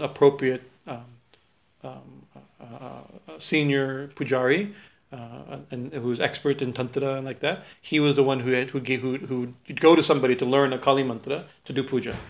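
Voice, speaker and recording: A man teaching a small group in an informal spiritual talk, halting with many fillers and restarts. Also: mid-range voice, creaky, lo-fi sound.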